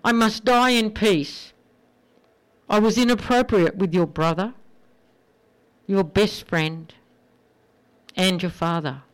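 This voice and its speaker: A woman's voice: medium pitch, takes it slowly, pauses often, clean tone, lightly acted, low-quality recording. A woman voicing a tired dying wife. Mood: pleading. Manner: weary, pleading. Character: dying middle-aged wife, tired, confessing.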